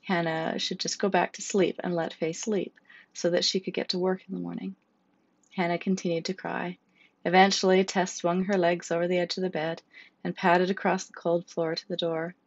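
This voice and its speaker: A woman narrates a story in a steady, measured reading voice. Her voice sits low with a gravelly fry. The recording is dry and somewhat dull. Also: dry recording. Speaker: audiobook narrator. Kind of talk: scripted narration.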